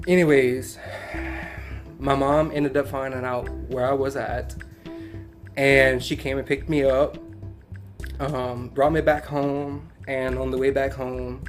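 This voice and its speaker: A man with a Cajun accent, a podcast guest telling a personal story in a lively, casual way, laughing as he goes and using Southern turns of phrase. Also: mid-range voice, takes it slowly, long pauses, soft background music. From Louisiana bayou country.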